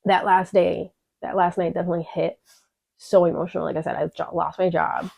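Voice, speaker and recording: In a candid vlog, a young woman from Chicago rambles through her story with many fillers, emotional and profane. Her lowish, darkish voice has vocal fry, a level tone, and a slightly fast pace, on dull, dry, lo-fi audio.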